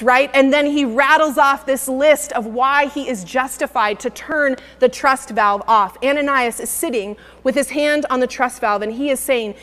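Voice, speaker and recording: Woman preacher, fairly high voice, earnest sermon delivery with emphatic repeats, long reverb of a big room. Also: normal speed, few pauses, fairly bright tone. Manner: earnest, builds to emphatic repetition. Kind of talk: sermon with scripture reading.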